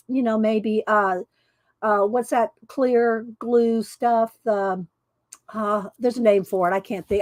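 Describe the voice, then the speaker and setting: A woman's voice: fairly high pitch, no room sound. A woman hosting an art livestream, chatting casually and rambling as she thanks viewers by name. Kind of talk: casual chat.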